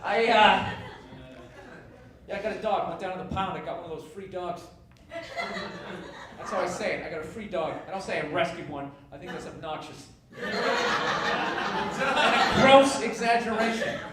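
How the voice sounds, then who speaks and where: This stand-up routine features a man with a high voice ranting sarcastically and profanely at normal speed, with long pauses between bits. It's an echoey, distant, noisy recording, and the crowd can be heard laughing.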